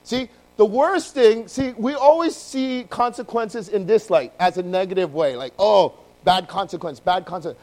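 A man preaching a sermon to his congregation, telling the story in an animated way and acting out the voices. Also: sits high, normal speed, hardly any pauses, poor audio. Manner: addresses congregation directly. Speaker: pastor.

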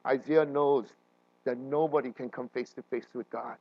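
A man preaching a sermon as a pastor, animated and often checking in with his listeners, with frequent restarts and fillers. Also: mid-range voice, normal speed, dry recording, dull audio.

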